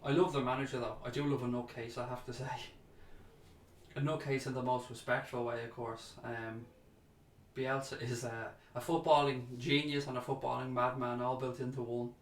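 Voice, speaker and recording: A man's voice: medium pitch, level tone, normal speed, reverberant. A man hosting a casual fan chat livestream, reading out viewer comments and chatting back to them, calling people mate.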